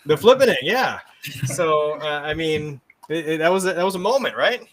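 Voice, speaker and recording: A male podcast host with a slightly raised voice. He asks questions in a lively, chatty way, often restarting his sentences. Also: a little high, normal speed, slight background noise. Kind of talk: casual interview questions.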